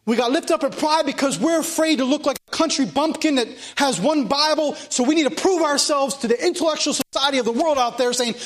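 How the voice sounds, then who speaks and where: A man preaching a fervent sermon, repeating phrases and swinging between loud and quiet passages. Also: extremely high pitch, animated, brisk, few pauses.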